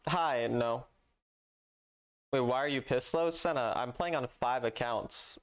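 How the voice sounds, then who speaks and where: A man's voice: medium pitch, a little slow, pauses often, smooth. A young man livestreaming a game, chatting with viewers in a dry, sarcastic, slangy way from his home setup. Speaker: livestreamer playing a mobile game. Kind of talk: casual stream chat.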